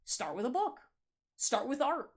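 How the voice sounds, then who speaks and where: A woman tarot reader giving a pick-a-card reading to camera, animated, blunt and playful, and often laughing. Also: sits high, a little slow.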